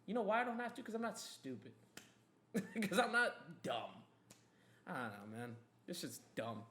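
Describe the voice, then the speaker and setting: Young podcast host, heated and profane, rambling rant, slightly high voice. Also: male voice, expressive, normal speed, sharp tone, slight background noise.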